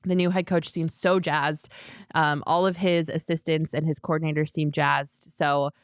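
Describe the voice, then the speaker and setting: A young woman hosting a sports talk show, chatting casually and upbeat, quick to laugh. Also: deep voice, level tone, clean tone, no room sound, clean studio sound. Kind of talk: casual solo sports chat.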